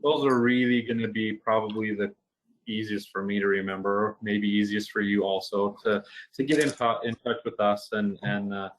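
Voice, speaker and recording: A man co-hosting a physical therapy webinar, friendly and a bit halting, often repeating words as he restarts. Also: lowish voice, fairly even intonation, low-quality recording. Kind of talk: casual webinar talk.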